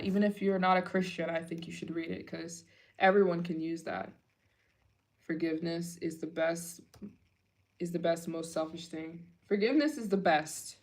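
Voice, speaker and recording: A woman hosting a casual livestream Q&A, gushing and chatty, with lots of filler words. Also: medium pitch. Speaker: travel channel host.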